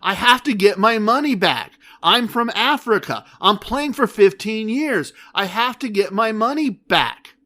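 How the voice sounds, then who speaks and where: A man's voice: sits high, lively intonation, measured pace, few pauses, pushed and bright, voice pushed up, full character voice. A man putting on the voice of a desperate male gambler, pleading frantically and repeating himself.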